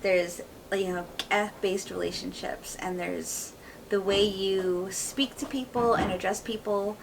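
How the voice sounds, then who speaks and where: A woman's voice: medium pitch, fairly even intonation, unhurried, creaky, distant mic, a little hiss or hum, low-quality recording. A woman co-hosting a podcast, speaking candidly and firmly in casual conversation, with frequent fillers. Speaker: podcast co-host.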